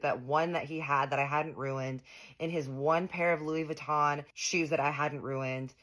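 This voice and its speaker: Young woman vlogger with a low voice, dramatic and foul-mouthed storytelling on a phone camera. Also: fairly bright tone. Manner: dramatic, profane, sassy storytelling. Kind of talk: casual storytelling to viewers.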